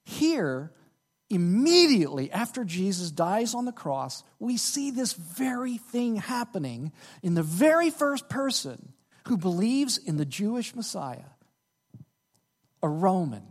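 A man's voice: sits high, very animated, a little slow, big-room sound. A man preaching a sermon as pastor, emphatic and checking in with his congregation as he goes. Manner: emphatic preaching with frequent "okay?" check-ins.

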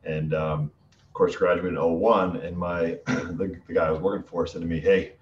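A very deep-voiced man from Western Massachusetts with a mild, neutral New England accent, easygoing and full of ums as he talks. He sounds set back from the mic in a roomy space, and the sound is a bit muffled with faint noise behind him. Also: moderate pace, far from the mic. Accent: Connecticut-like neutral New England. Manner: relaxed, many ums and restarts. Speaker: guest, sales executive. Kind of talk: casual interview chat.

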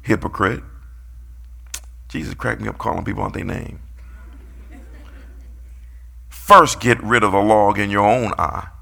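A man's voice: on the low side, fairly even intonation, normal speed, creaky, fairly bright tone. A man preaching a sermon, playfully calling out his congregation and acting out quotes.

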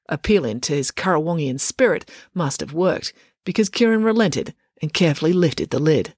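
A woman narrating a children's audiobook in an expressive storytelling manner. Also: deep voice, moderate pace, no room sound, studio quality. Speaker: narrator, author.

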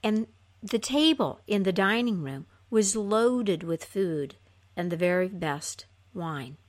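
Slow, expressive woman telling a fairy tale. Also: mid-range voice. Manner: unhurried, expressive, soft at phrase ends. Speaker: storyteller. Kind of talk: reading a fairy tale aloud.

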